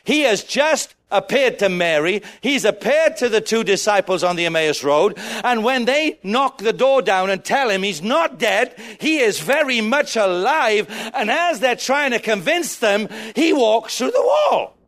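A male preacher delivering a sermon in a high-pitched voice that leaps up and down. He urges the congregation to shout their answers. He keeps it playful, acting out small scenes as he goes. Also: lively intonation, a little slow, few pauses. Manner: exhorting, calls on the congregation to shout; playful, jokes and acts out little scenes.

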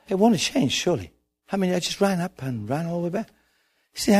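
A man with an Irish accent preaching a sermon, acting out a story with lively dialogue and building to shouts. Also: high voice, a little fast, long pauses, husky.

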